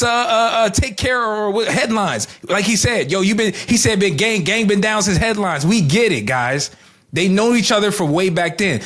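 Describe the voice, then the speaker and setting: Podcast guy with a high voice, jokey, teasing his buddy, lots of ups and downs. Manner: joking, teasing banter. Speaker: podcast co-host. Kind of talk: casual podcast chat.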